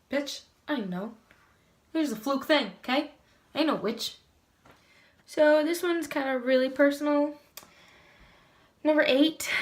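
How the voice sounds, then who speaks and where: A woman's voice: high-pitched, roomy sound. A young woman talking candidly in a casual confessional vlog, blunt and swearing freely. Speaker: vlogger.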